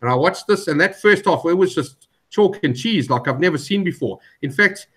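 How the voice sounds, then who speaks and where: A man on a betting panel who tells stories in an animated way and often repeats words. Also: on the high side, moderate pace, breathy edge. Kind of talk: casual betting chat.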